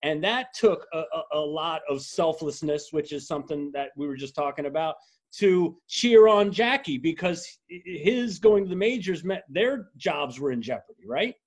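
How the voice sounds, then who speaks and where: A man's voice: a little high, animated, normal speed. A man hosting an interview, casual and hesitant, with lots of fillers. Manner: warm, hesitant, with many fillers. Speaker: host.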